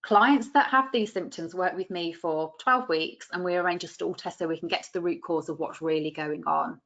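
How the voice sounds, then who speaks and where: A woman's voice: fairly low pitch, normal speed, fairly bright tone. A British woman teaching a masterclass for practitioners, chatty and coaching, acting out client voices as she explains. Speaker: business coach for nutritionists. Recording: muffled lo-fi audio.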